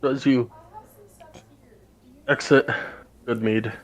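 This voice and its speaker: A man narrating as game master in a calm, matter-of-fact way. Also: mid-range voice, drawn-out words, low-quality recording.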